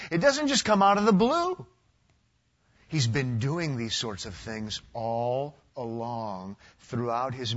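A pastor preaching a sermon, a man from the United States with a husky voice, swinging between loud emphatic passages and hushed, quiet ones. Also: on the high side, highs cut off.

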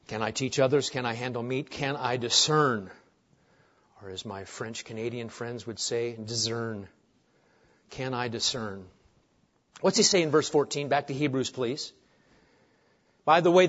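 A middle-aged man preaching a sermon as pastor, swinging between hushed asides and loud, emphatic points. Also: medium pitch. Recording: dull lo-fi sermon recording.

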